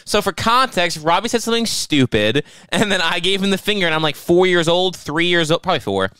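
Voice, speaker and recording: A man's voice: high voice, animated, a little fast, bright, forceful tone, clean tone, no room sound. A man from Long Island co-hosting a podcast, teasing his brother in casual chat and laughing often as he tells stories. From Long Island, New York. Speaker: podcast co-host.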